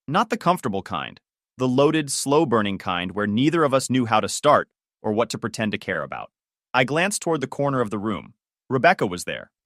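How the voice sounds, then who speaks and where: A man calmly narrating a first-person story in scripted narration. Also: mid-range voice, dry recording, studio quality.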